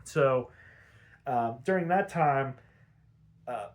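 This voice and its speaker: A man's voice: mid-range voice, expressive, very slow. A young man hosting a podcast, recapping a cartoon episode in a loose, chatty way, full of fillers, swearing and laughter. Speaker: podcast host.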